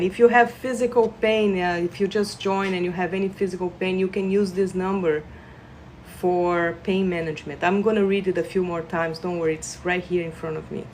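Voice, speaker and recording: A woman leading a live energy-healing session, guiding listeners with gentle instructions and sudden bursts of excited laughter. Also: fairly low pitch, brisk, a little hiss or hum. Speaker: reiki practitioner. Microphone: phone livestream.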